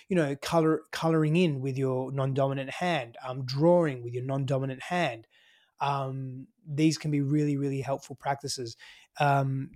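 A man's voice: mid-range voice, darkish tone. A man with an Australian accent, a podcast guest talking loosely and emphatically in a casual interview, swearing freely.

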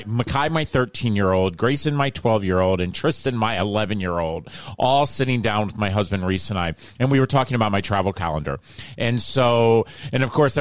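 Casting: man, fifties, lowish voice, dry close mic, heartfelt rambling host. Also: no room sound. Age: 50s. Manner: rambling, emotional, many restarts and fillers. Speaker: charity founder and host. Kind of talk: casual talk show chat.

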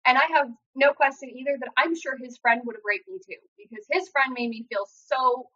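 A young woman with a high, slightly bright voice shares a personal story as a guest, speaking earnestly but casually, quickly, and with lots of "like" fillers. The lo-fi audio sounds dull.

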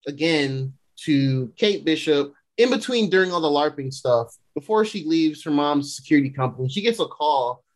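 A man's voice: fairly high pitch, expressive, moderate pace, hardly any pauses. Slangy young man recapping a show. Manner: slangy, rambling, laughs often. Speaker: podcast host.

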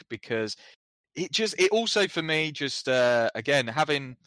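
A man co-hosting a casual chat, relaxed and halting, with many fillers and restarts. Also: fairly high pitch, no room sound. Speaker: podcast co-host.

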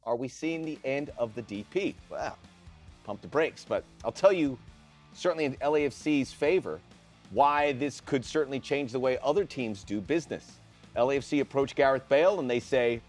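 A man co-hosting a sports podcast, talking in a casual, animated and opinionated way. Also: mid-range voice, brisk, soft background music. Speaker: podcast co-host.

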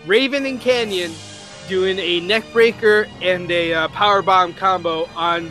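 A man's voice: high-pitched, a little slow, bright, forceful tone, faint music behind. A man co-hosting a casual podcast, telling stories eagerly. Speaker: podcast co-host. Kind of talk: casual chat.

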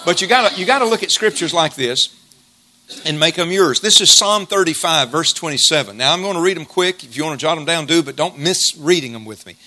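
A man preaching a sermon, reading scripture slowly and emphatically and leading the congregation in call-and-response. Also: a little high, animated, pushed and bright.

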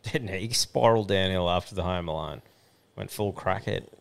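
A man's voice: sits low, normal speed, creaky. A man co-hosting a crude, laughing casual chat, swearing a lot. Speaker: podcast co-host.

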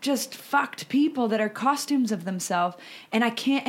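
A woman's voice: high voice, lively intonation, a little fast. A woman in frank, casual conversation, swearing freely and laughing often. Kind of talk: casual chat.

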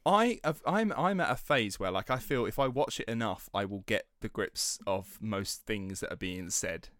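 A chatty man hosts a podcast, moving between easy banter and a prepared story, in a fairly low voice. The dry, close mic gives no room sound. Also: lively intonation, moderate pace, a bit bright, no echo. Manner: chatty, tangent-prone, laughs easily. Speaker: podcast host. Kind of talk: casual podcast chat and scripted storytelling.

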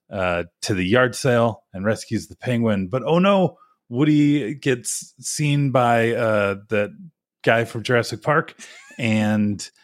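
A man co-hosting a podcast in casual chat, rambling through a hurried summary with lots of ums and self-mocking jokes. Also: mid-range voice, dry recording, clean studio sound. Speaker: podcast co-host.

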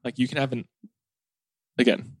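A man in his late twenties hosts a casual podcast chat, rambling through animated stories and leaning on "like" as a filler. His voice sits in an ordinary middle range. The sound is dry and close, with no room in it. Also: mid-range voice, normal speed, no echo. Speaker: podcast host.

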